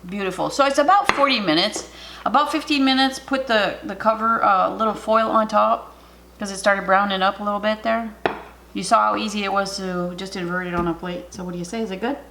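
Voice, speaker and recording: A woman hosting a casual home cooking video, chatty and excitable, talking straight to her viewers. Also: medium pitch, brisk, a little hiss or hum. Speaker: cooking vlogger. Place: home kitchen.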